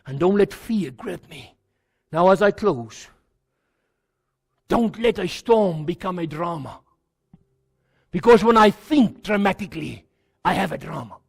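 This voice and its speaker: A South African pastor preaching an impassioned sermon to his congregation in church, repeating words and swinging from quiet to shouting. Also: sits high, expressive, unhurried, vocal fry, pauses often, husky.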